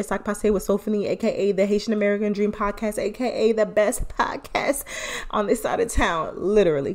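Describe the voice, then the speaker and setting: A young woman chats through a solo podcast update in a loose, rambling way. She tosses in playful asides and laughs as she goes. Her voice sits at a middle pitch. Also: a little mellow. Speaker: podcast host.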